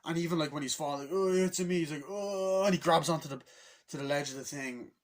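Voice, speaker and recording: A young man excitedly recapping a movie in a rambling, casual way, swearing often and bursting into acted-out lines from the scenes. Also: on the high side, very fast. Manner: rambling, swears a lot, acts out scenes with shouted voices. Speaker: movie reviewer.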